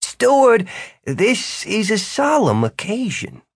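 A jovial, commanding male wizard, as a man puts him on, speaking in a theatrical, booming voice. He pitches well above an everyday voice and swings it about. The sound is close and dry. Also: huge pitch swings, slow pace, breathy edge, dry recording, exaggerated voice. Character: jovial grand adult male wizard host.

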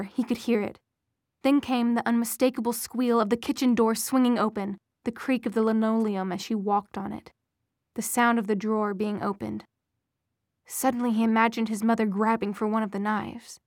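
A woman narrating a novel in a measured, steady storytelling voice. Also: on the high side, no echo, studio quality. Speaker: audiobook narrator. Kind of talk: scripted audiobook narration.

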